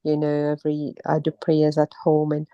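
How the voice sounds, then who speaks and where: A middle-aged woman from Mauritius, down with a cold and a sore throat, telling her story in a casual, halting way with many pauses and restarts. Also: deep voice, completely flat delivery, no echo, dull audio. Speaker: interviewee, temple visitor. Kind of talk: casual personal account.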